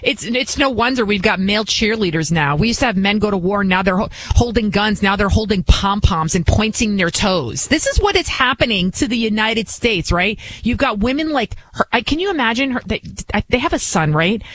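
A middle-aged woman hosting a talk radio show, giving opinionated commentary in an animated, mocking way. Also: mid-range voice, a little fast, low-quality recording. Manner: animated, mocking, acts out quoted voices.

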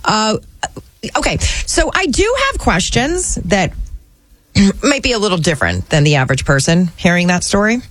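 Female radio co-host, playful and giggly, very animated pitch, dry studio sound. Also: normal speed, no echo. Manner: playful, laughing easily. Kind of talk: bantering radio talk.

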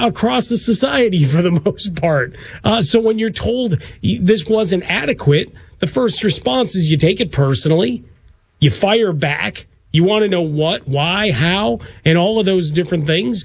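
High-voiced male sports radio co-host. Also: animated, moderate pace, creaky, husky, dry recording. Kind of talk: sports talk banter.

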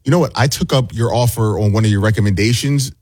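A man's voice: fairly low pitch, fast, a little mellow, husky, dry recording. A man who is a regular on a talk show, telling an anecdote in a dry way. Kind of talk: casual on-air anecdote.

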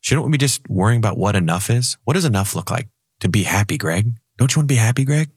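A man voicing a gentle, sensible male angel cartoon duck who urges calm reason. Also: medium pitch, quick pace, husky, no echo, studio quality. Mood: reassuring.

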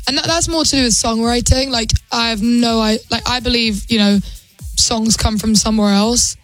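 A woman's voice: a little high, steady tone, moderate pace, soft background music. A woman singer-songwriter talking casually in a radio interview, chatty and full of fillers and restarts.

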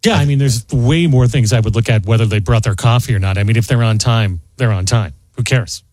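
A man's voice: medium pitch, fairly quick, a little mellow, no echo. A man co-hosting a radio show, blunt and skeptical in casual chat. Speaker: radio co-host.

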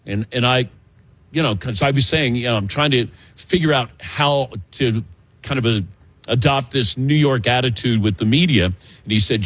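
An older man hosting a casual sports talk show, telling animated stories and laughing often. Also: mid-range voice, moderate pace, no echo. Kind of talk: casual sports radio chat.

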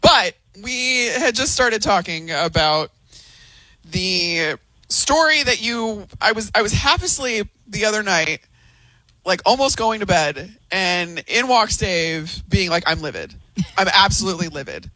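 A woman's voice: mid-range voice, expressive, slow pace, sharp tone, no echo, low-quality recording. A woman hosting a casual chat, with a playful, teasing manner. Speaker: podcast host.

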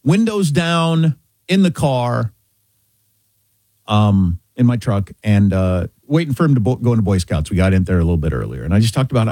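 A middle-aged man from Kansas, a talk-show host, telling a chatty, animated story in a casual way. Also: on the low side, brisk, no room sound. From Kansas, USA.

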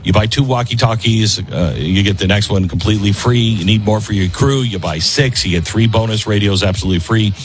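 A man's voice: fairly low pitch, fairly quick, hardly any pauses. A middle-aged man hosting a talk show in a conversational style, breaking off and restarting his sentences. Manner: conversational, self-interrupting, with fillers. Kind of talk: talk radio monologue and ad read.

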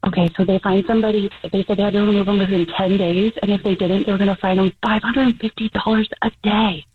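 A woman calling in to a radio show, excited and half-whispering as if catching her breath. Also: mid-range voice, fast, a little hiss or hum. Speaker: caller. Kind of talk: phone-in radio chat. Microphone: phone. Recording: tinny phone line.

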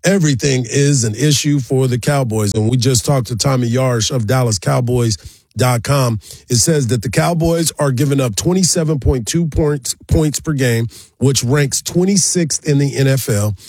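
Man, sports radio host, upbeat, rattling off stats, mid-pitched, dry studio sound. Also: darkish tone, husky, no room sound. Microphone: studio microphone.

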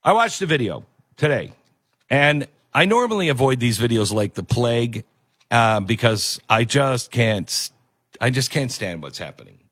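A man's voice: mid-range voice, sing-song, normal speed, a bit bright, slightly rough, no echo. Male radio host, mid range, conversational and rambling, stops and restarts himself. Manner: rambling, conversational, self-interrupting. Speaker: radio talk show host. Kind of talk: political talk radio monologue with ad read.

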